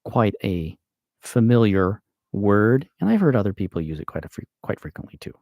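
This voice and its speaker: American guy slowly thinking out loud about grammar, lowish voice, dry close sound. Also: sing-song, no room sound. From United States. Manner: slow and thinking aloud, with fillers and self-corrections. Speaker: channel host. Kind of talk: casual grammar explainer livestream.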